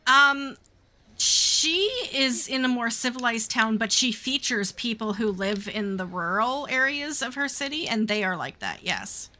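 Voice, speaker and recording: Woman guest, unhurried delivery with a bright, sharp tone; relaxed conversation. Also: a little high. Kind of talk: casual chat on a livestream.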